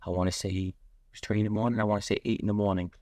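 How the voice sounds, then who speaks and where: A man's voice: on the low side, little pitch movement, a little mellow, dry recording, studio quality. A man, telling blunt street stories as a podcast guest. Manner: rapid, blunt street storytelling, voicing other people in quotes. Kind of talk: storytelling in a podcast interview.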